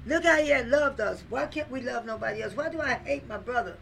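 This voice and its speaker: Woman, radio Bible teacher, emphatic, preacherly, gravelly, bright, faint background noise. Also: on the high side, animated, brisk, poor audio. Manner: emphatic, call-and-response, repeats phrases, preacherly. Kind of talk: lively Christian radio Bible study. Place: radio station studio.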